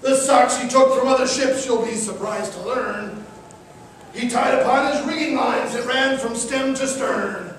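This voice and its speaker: Male kids' storyteller, high voice, slow unhurried reading, joking with the crowd; distant mic in a very echoey auditorium. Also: a bit bright, a little hiss or hum. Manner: joking, playful banter with the audience. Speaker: children's storyteller and performer. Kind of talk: live rhyming story reading to schoolchildren. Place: large hall or school auditorium. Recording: echoey hall from far off with audience.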